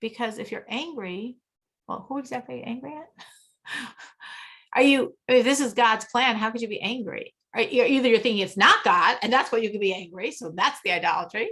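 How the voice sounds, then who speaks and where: A woman's voice: a little high, normal speed, pushed and bright, husky. A middle-aged woman teaching a women's class on faith, speaking animatedly and acting out inner voices with frequent laughs. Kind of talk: lecture with group discussion.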